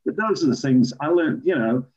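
An older man from England, a former referee, telling animated anecdotes as an interview guest. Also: on the high side, a little fast. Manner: animated raconteur, acts out quoted voices. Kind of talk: anecdotal storytelling. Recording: dull lo-fi recording.

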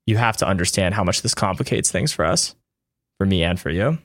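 A man voicing a world-weary, condescending former comrade in a tabletop game, speaking in a measured way. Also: low voice, lively intonation, fairly bright tone, no room sound, clean studio sound. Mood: exasperated.

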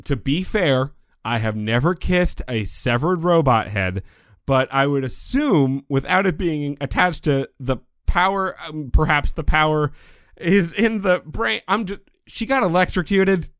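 A man's voice: fairly high pitch, lively intonation, unhurried, a bit bright, no echo, studio quality. A man co-hosting a podcast, chatting casually about a film and acting out quotes with quips. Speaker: podcast co-host. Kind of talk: casual movie review chat.

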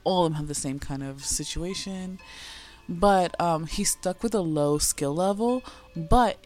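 A young woman hosting a casual chat about anime, talking in a chatty, animated way, swearing freely and dropping in Spanish phrases. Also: on the low side, unhurried, faint music behind. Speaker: podcast host.

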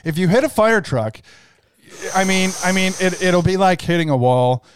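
A man's voice: sits high, animated, normal speed, slight background noise. A man co-hosting a podcast in casual chat, laughing often and acting out quoted voices in his stories. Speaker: podcast co-host.

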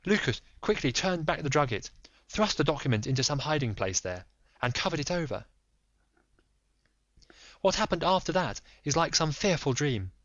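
A man's voice: on the high side, big pitch swings, moderate pace, a bit bright, dry recording. A man reading as a frightened noblewoman. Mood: confessing. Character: frightened young noblewoman confessing a secret. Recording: dull dry recording.

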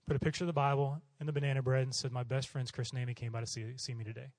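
With a racing delivery and a mid-range voice free of echo, a middle-aged Oklahoman missionary preacher tells stories in his sermon. He animatedly performs the voices of the people featured.

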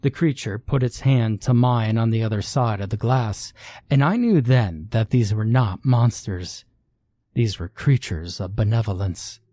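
A man narrating a first-person horror story in a measured, scripted way. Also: lowish voice, dark tone, no room sound, studio quality.

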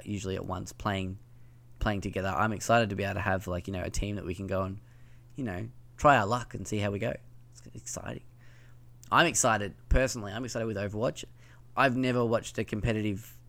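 A man's voice: on the low side, vocal fry, a bit bright. A man with a slight lisp hosting a casual gaming news podcast, talking in a loose, rambling way with plenty of ums and likes. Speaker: podcast host.

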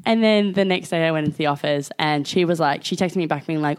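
A woman's voice: deep voice, fairly quick, clean tone. A young woman co-hosting a podcast, telling stories with a lot of swearing and acting out what people said. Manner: animated storytelling, acts out quotes, swears freely. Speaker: podcast co-host. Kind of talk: casual chat.

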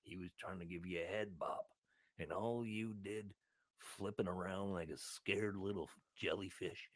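A man voicing a grumpy seal, slowly ranting at humans in a put-on accent, low and drawn out. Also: fairly even intonation, no echo. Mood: grumbling, annoyed. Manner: slow grumbling rant with a put-on accent.

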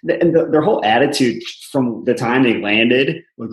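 A man's voice: mid-range voice, big pitch swings, a little fast. A man co-hosting a podcast, indignant and swearing in casual chat. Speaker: podcast co-host. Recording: roomy echo.

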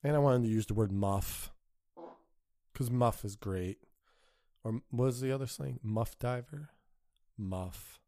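A man's voice: medium pitch, unhurried, long pauses, warm tone, no room sound, clean studio sound. A man hosting a podcast, delivering a crude, sarcastic solo rant with an exasperated tone. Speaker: podcast host.

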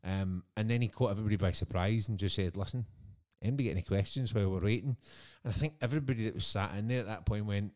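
Deep-voiced Scottish man telling stories. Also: racing, few pauses, darkish tone. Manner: chatty storyteller, laughs often. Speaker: podcast co-host. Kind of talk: casual chat.

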